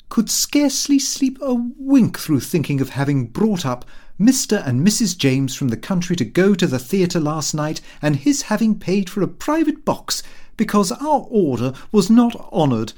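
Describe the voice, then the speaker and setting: A man reading a comic diary aloud as an audiobook, with expressive, lively delivery. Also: sits high, unhurried. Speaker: audiobook reader. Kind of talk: scripted narration of a comic diary.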